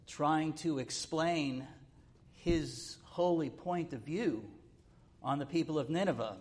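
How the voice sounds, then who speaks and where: A man preaching a sermon in a halting, thinking-aloud way, often repeating words as he goes. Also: medium pitch.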